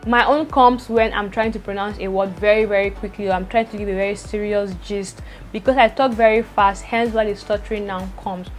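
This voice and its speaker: Stuttering fast-talking woman. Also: mid-range voice, fairly even intonation, soft background music. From Nigeria. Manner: fast talker with frequent stutters and repeated words. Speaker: vlogger. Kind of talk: personal talk to camera.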